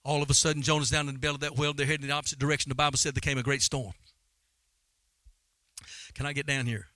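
A man's voice: mid-range voice, level tone, rapid-fire, bright, forceful tone, no echo. A man preaching a sermon in a fervent, dramatic style. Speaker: pastor.

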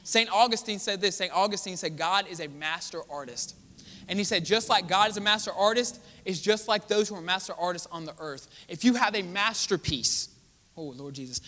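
A man preaching a sermon as pastor, asking the congregation questions and answering them, swinging between loud exclaiming and quiet asides. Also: high voice, brisk. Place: large church hall. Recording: long hall reverb.

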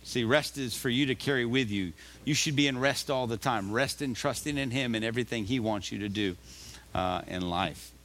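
A man's voice: medium pitch, normal speed, fairly bright tone. A male pastor preaching a sermon in a conversational style, often rising to emphatic calls to the congregation. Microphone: live recording of a church service.

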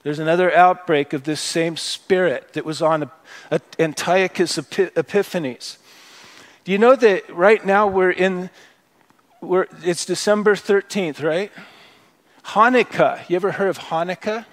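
A man's voice: sits high, unhurried. A middle-aged male pastor preaching a conversational sermon at a church service, telling stories and asking the congregation questions.

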